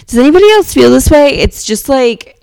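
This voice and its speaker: A woman's voice: sits high, sing-song, a little fast, gravelly, darkish tone, clean tone, no room sound. A woman hosting a podcast from her car with a handheld microphone, a little under the weather and nasal, rambling sarcastically and swearing freely. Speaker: podcast host. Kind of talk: casual comedic monologue. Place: inside her car, driving.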